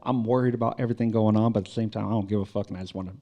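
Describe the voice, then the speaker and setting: A man's voice: fairly low pitch, steady tone, very fast, dull audio. A man hosting a podcast, chatting casually and profanely about hip hop, with loose rambling restarts. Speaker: podcast host. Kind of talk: casual music chat.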